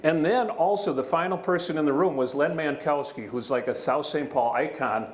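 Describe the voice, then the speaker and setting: A man's voice: fairly high pitch, normal speed. A middle-aged man giving a county address to a live audience in a large hall, in a folksy, joking, conversational way. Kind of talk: public speech with jokes. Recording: echoey hall with faint room noise.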